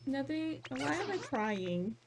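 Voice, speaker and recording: A woman's voice: high voice, sing-song, slow. A young woman casually chatting while streaming a game, cooing baby talk at her cat and swearing now and then. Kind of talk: casual livestream chat. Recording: game music playing underneath.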